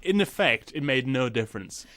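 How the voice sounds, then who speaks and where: A man's voice: medium pitch, animated, normal speed, a bit bright, no echo. A man who is a comedian guest on a podcast, making wry, dry asides in a casual chat.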